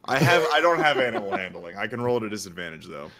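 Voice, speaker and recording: A man's voice: fairly low pitch, sing-song, quick pace, a crowd in the background. A young man playing a tabletop game, talking hesitantly as he checks his character sheet aloud. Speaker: player. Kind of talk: casual tabletop game chat.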